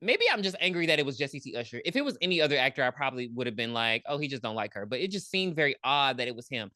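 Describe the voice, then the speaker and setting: A woman co-hosting a podcast, recapping a movie in blunt, profane, animated casual chat. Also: very deep voice, racing, dry recording, studio quality. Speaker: podcast co-host.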